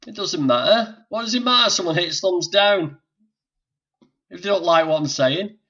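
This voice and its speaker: A man's voice: high voice, animated, moderate pace, bright, forceful tone. Chatty northern English man, lo-fi stream. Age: older. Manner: chatty, joking with viewers while fixing technical issues. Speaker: livestream host. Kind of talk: casual live stream chat. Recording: dull lo-fi stream audio.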